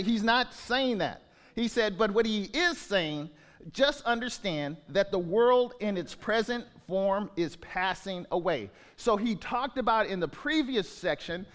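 Man, sixties, pastor, high-pitched, conversational sermon, repeats and restarts words. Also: a bit bright. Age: 60s. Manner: conversational preaching with many restarts and repetitions.

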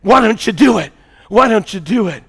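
A preacher putting on a goading, taunting devil. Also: male voice, high-pitched, animated, moderate pace, vocal fry, fairly bright tone, breathy edge, pitched above the performer's own voice, exaggerated voice. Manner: goading, insistent. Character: scornful taunting male devil tempter.

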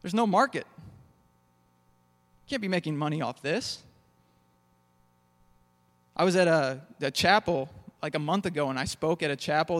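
A man's voice: a little high, fairly bright tone. A young man preaching a sermon in a church hall, telling jokey stories. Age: young adult. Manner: storytelling, jokey.

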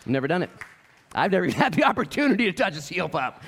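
A middle-aged male pastor preaching a sermon in an animated, joking way, swinging from loud bursts to hushed asides and mimicking voices. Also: sits high, fast, creaky, a little hiss or hum. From Oregon coast, USA.

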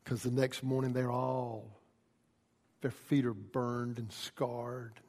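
A man preaching a sermon, shifting from quiet, folksy storytelling to loud, impassioned pleading. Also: mid-range voice, flat delivery, slow, in a large hall. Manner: builds from quiet teaching to shouted pleading. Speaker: pastor.

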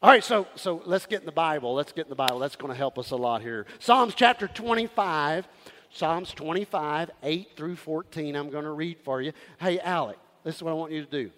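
A man preaching a sermon as pastor, calling out to the congregation and swinging from loud to hushed. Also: a little high, brisk, long reverb tail.

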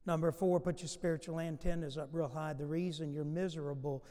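Male pastor, fairly high voice, emphatic preaching with acted-out dialogue, reverberant hall sound. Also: steady tone, a little fast, dark tone. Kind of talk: sermon.

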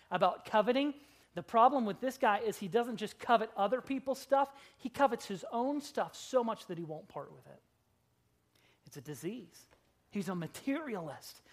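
Dramatic, joking preacher in a church. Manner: dramatic, swinging between loud emphasis and hushed low lines; humorous asides. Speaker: pastor. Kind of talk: expository sermon. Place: church before a congregation.

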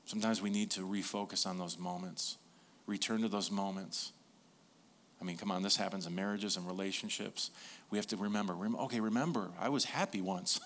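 Male pastor with a bright, forward voice who preaches casually and animatedly, going hushed to make his key points. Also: sits low, fairly quick. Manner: conversational, animated storytelling, dropping soft for emphasis. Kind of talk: sermon.

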